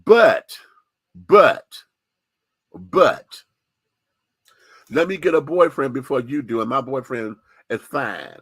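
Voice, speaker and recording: A man's voice: mid-range voice, takes it slowly, long pauses, husky, no echo. A man hosting a radio show, giving a candid, profane, sassy opinion monologue with lots of emphasis.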